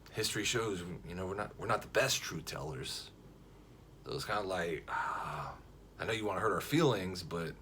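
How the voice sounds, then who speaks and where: A man casually telling a funny story to camera, lively and jokey, acting out the other people's lines as he goes. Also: low-pitched, a little hiss or hum. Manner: animated, jokey, frequent restarts and quoted voices.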